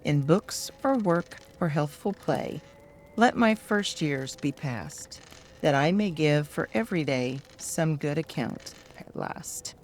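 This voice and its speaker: Soft-spoken grandmother reading poems slowly. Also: sits low, animated, slight background noise. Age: older. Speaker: storyteller. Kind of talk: bedtime poetry reading.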